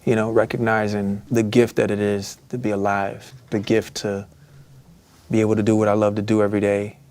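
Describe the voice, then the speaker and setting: A man's voice: lowish voice, little pitch movement, brisk, darkish tone. A man in his forties talking reflectively in an interview, grateful, with many fillers.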